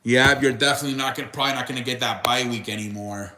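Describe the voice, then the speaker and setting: A man's voice: mid-range voice, very fast, sharp tone, a little hiss or hum. A man hosting a live sports stream, chatting casually with viewers in a rambling, profane way.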